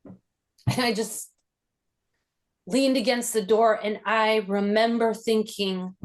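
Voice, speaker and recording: In a podcast interview, a woman host slowly recounts a personal memory, reflective and halting with lots of "like" fillers. Her voice is a little high and steady in tone.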